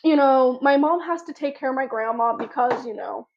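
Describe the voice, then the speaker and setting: A woman's voice: sits high, moderate pace, a little mellow, muffled recording, a little hiss or hum. A woman vlogger telling a personal story to her viewers in a casual, rambling way, full of fillers and restarts.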